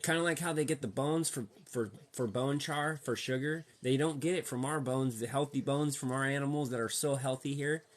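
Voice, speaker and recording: A man's voice: medium pitch, moderate pace, hardly any pauses. A man vlogging a casual rant, slangy and profane, heated and repetitive as he talks to his viewers. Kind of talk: casual ranting monologue.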